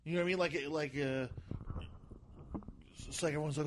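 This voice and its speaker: A man guesting on a podcast as a comedian, talking casually with a gentle voice that sounds softer than his looks, often repeating words and restarting sentences. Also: a little high, fairly even intonation, fairly quick, a little hiss or hum.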